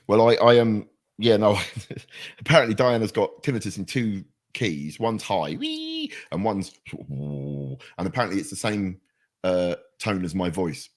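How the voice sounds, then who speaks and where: Man, husky low voice, lively chatty host, jokey storyteller. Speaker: show host. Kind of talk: casual chat.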